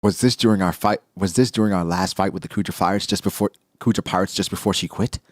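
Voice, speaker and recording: A man reacts to a manga chapter as he reads it, excitable and casual, exclaiming and cracking jokes. His voice sits low and moves fast, captured in clean studio sound with no echo.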